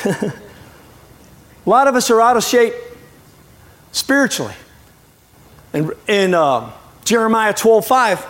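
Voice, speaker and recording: Middle-aged guest preacher, high tenor voice, jokey, with apologetic asides. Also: male voice. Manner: lively and joking, with frequent apologetic asides. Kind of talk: sermon.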